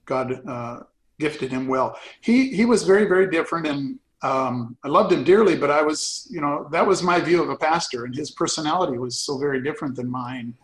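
A man's voice: fairly high pitch, animated, a little fast, low-quality recording. An older man, a retired pastor, telling folksy stories with frequent laughs in a casual conversation.

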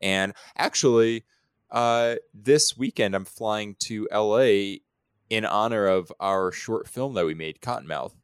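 A man co-hosting a podcast, talking casually about his writing in a halting, rambling way. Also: lowish voice, smooth, dry recording, clean studio sound. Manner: halting, rambling with many fillers. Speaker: podcast co-host, screenwriter. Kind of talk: casual chat.

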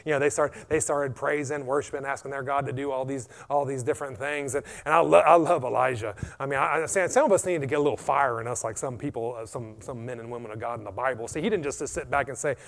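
A man preaching a sermon, animated and punctuated with frequent amens. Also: mid-range voice, quick pace, gravelly, hardly any pauses. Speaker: pastor.

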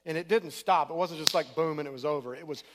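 A man's voice: a little high, quick pace. A middle-aged man preaching in a church, telling his story in a casual, conversational way. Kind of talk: sermon testimony.

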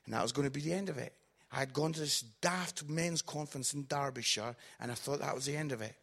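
A man with a Scottish accent, preaching to a congregation in a comic, animated storytelling style with acted-out quotes. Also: mid-range voice, fast talker, vocal fry. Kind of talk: humorous storytelling sermon.

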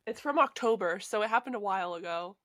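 Relaxed woman telling a story. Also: mid-range voice, quick pace, no room sound. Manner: relaxed, laughs often, tells anecdotes. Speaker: podcast co-host. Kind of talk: casual chat and storytelling.

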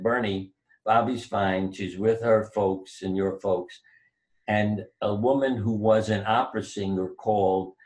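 A man's voice: lowish voice, low-quality recording. An older man, a doctor and author, telling stories in an interview and acting out the voices he quotes. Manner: animated storyteller, acts out quoted voices. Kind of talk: storytelling interview.

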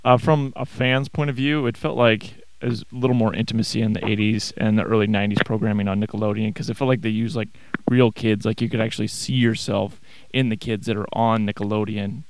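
A man's voice: fairly low pitch, fairly even intonation, a little fast. A man interviewing as a fan, eagerly asking about the old shows. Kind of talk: casual interview question.

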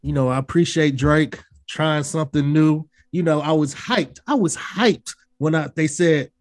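A woman co-hosting a podcast, giving her take in casual chat; she is emphatic and profane, and she acts out her own reactions in sudden high yelps. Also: measured pace, a little mellow. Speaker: podcast co-host. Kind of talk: casual music review chat.

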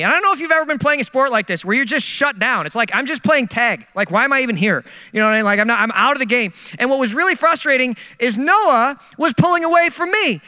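Middle-aged male pastor, high bright voice, storytelling sermon, reverberant hall. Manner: storytelling, self-mocking, animated.

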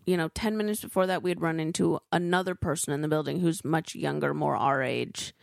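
A woman's voice: low voice, fairly even intonation, a little fast, gravelly, no echo, clean studio sound. A woman co-hosting a podcast, telling stories in a rambling, emotive way. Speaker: podcast co-host. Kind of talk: casual chat.

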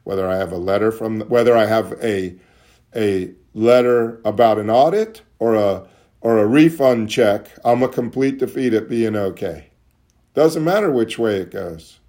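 A man candidly sharing at a recovery meeting, questioning himself aloud and dropping soft and low when he voices his inner thoughts. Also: normal speed. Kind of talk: candid personal talk.

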